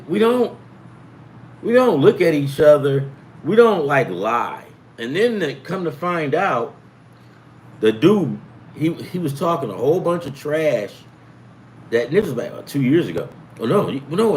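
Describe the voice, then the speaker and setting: A man's voice: on the high side, slight background noise. A middle-aged man from the US East Coast telling rambling, profane stories in a casual sports betting show, acting out the voices of people he quotes. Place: home in California.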